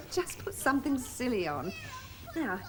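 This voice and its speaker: A woman's voice: sits high, sing-song, a little slow. An actress playing an earnest, dreamy young woman running a party game in a televised stage drama. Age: young adult. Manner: eager, bossy, reflective.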